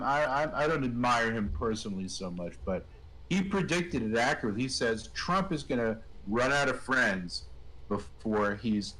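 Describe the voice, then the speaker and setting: A man in a mid-range voice co-hosts a political talk show. He comments in a measured, thoughtful way. He hesitates now and then as he picks his words. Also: medium pitch, fairly bright tone, rough recording.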